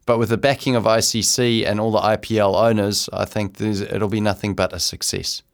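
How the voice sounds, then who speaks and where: A man's voice: on the low side, level tone, fairly quick, gravelly, smooth. A man with a New Zealand accent, a former cricketer co-hosting a sports show, joking around in casual chat. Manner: jokey, laughing easily.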